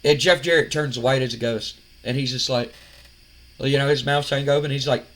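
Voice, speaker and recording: A man's voice: medium pitch, steady tone, brisk, a bit bright. A man, casually recounting a wrestling management game as a rambling storyteller who acts out quoted lines. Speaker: game commentator. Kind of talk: casual play-by-play retelling of a wrestling sim.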